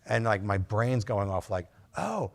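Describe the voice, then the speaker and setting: A physician with a lowish, sing-song voice and vocal fry gives nurse practitioners an unhurried, conversational lecture. He's loose and anecdotal, full of fillers, and acts out his dialogue with patients.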